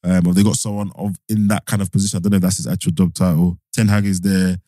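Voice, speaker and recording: A man, co-hosting a casual football podcast, talking in animated, slangy bursts. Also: sits low, fast talker, no room sound. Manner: animated, slangy, mimics people he quotes. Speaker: podcast co-host.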